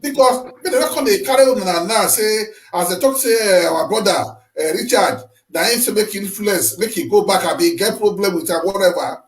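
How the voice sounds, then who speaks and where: A man with a Nigerian Pidgin accent hosting an interview, asking drawn-out, animated questions. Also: high voice, echoey room, poor audio. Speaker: host.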